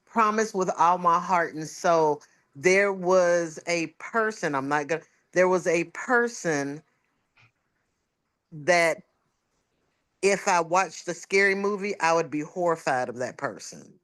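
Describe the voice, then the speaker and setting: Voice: medium pitch, a bit bright. A podcast co-host in casual chat, agreeing often and telling stories at length. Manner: chatty, agreeable, drawn-out storytelling.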